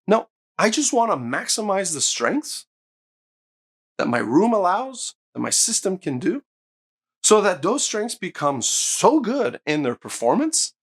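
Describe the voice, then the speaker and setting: A man hosting his own hi-fi channel, giving an enthusiastic, emphatic speaker review straight to camera. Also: fairly high pitch. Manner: enthusiastic, emphatic, swears when excited. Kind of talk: excited gear review to camera.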